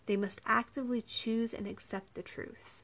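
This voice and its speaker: A calm, persuasive young prince, read by a woman. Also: a little high, moderate pace. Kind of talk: audiobook character reading.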